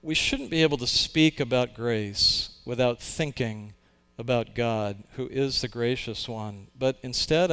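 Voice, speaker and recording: A man preaching a sermon, earnest and emphatic. His voice is smooth and resonant. His pitch sits in the middle of a man's range. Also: a bit bright. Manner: earnest, emphatic, with occasional restarts. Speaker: pastor.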